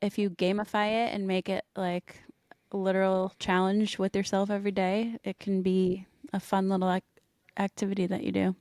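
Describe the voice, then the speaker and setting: A woman's voice: mid-range voice, little pitch movement, normal speed, darkish tone, dry recording, clean studio sound. A young adult woman co-hosting a fitness podcast, chatty with lots of fillers. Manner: chatty, many likes, laughs easily. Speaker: podcast co-host. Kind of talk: casual podcast chat.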